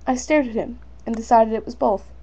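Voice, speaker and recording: A woman's voice: a little high, fairly even intonation, a little fast, mellow, breathy edge. A young woman reading her own story aloud in a casual, unpolished way, with fillers and small slips. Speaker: fan fiction reader.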